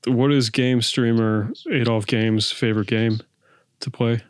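Deadpan ironic guy, mid pitch, very dry sound, video call. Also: measured pace, no room sound. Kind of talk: casual comedy chat.

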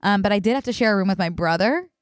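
A woman's voice: mid-range voice, animated, rapid-fire, no echo, studio quality. A young woman co-hosting a podcast, chatting casually and easily. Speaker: podcast co-host. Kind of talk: casual chat.

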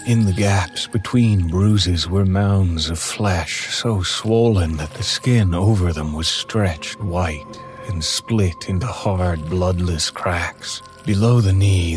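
A man narrating a horror story in a measured, somber way from a script. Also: low-pitched.

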